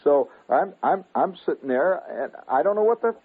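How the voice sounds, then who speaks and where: Animated older radio storyteller, narrow sound. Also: male voice, on the high side, normal speed, breathy edge. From United States. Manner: digressive, animated, chuckling asides. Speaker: radio host. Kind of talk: rambling radio storytelling monologue. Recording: narrow, phone-like old radio broadcast.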